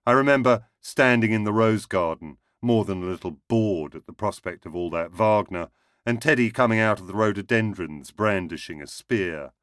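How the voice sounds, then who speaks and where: A man's voice: on the low side, normal speed, a bit bright, dry recording. A man reading a first-person short story aloud in a dry, wry manner. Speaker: narrator.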